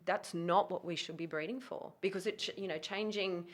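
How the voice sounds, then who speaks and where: A woman with a notably low, deep-set voice chats in a relaxed podcast conversation about dogs. She speaks emphatically, circling back with quick restarts and self-corrections. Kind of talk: casual podcast chat.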